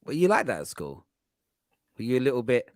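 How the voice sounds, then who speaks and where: A man with a London accent hosts a live football chat show, his mid-range voice moving a little fast. He's animated and jokey, reading out viewer comments in casual live-stream banter. The sound is clean studio audio with no room sound.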